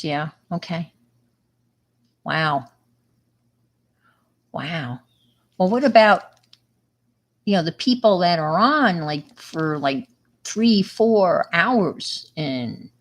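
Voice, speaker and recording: Middle-aged woman, New York accent, slightly low voice, loose rambling livestream host. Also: animated, takes it slowly, long pauses. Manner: chatty, rambling, full of fillers and restarts. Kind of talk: casual chat with viewers.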